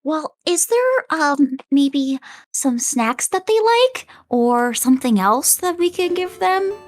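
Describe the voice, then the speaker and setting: A woman's voice: sits high, sing-song, takes it slowly, no room sound. A woman playing in a tabletop game, asking curious questions in casual chat. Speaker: player.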